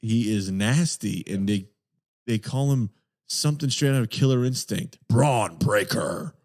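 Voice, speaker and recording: A man's voice: mid-range voice, normal speed, a little mellow, dry recording, clean studio sound. A man co-hosting a wrestling podcast, giving opinionated takes with joking banter. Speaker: podcast co-host. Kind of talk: casual chat.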